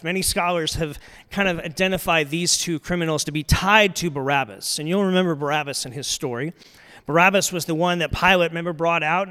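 A middle-aged man preaching a sermon in a slightly raised voice. He tells the story earnestly, pushing some points out loud and letting others fall to near a murmur. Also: fairly high pitch. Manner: earnest storytelling, rising to loud emphasis then dropping soft. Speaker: pastor.

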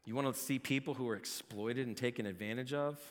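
A pastor preaching a sermon, with lively delivery that rises to shouting when he jokes. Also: mid-range voice, brisk. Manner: animated, builds to shouting in jokes. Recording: long hall reverb.

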